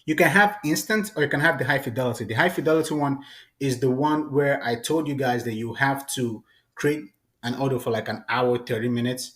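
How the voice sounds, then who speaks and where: A man hosting a casual, chatty software tutorial. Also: medium pitch, a little fast. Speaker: tutorial host.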